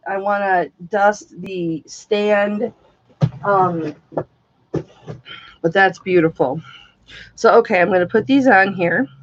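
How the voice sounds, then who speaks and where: A woman selling items on a casual live stream, chatty and excitable, swearing casually as she talks to her viewers. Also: medium pitch, no echo. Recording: dull lo-fi dry sound.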